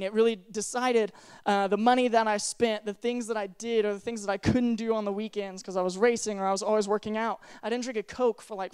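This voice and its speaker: A man's voice: sits high, smooth. A young man giving a casual youth sermon on a handheld mic, telling stories in a chatty, self-deprecating way with lots of "like" and "right?". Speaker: youth speaker. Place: youth service room.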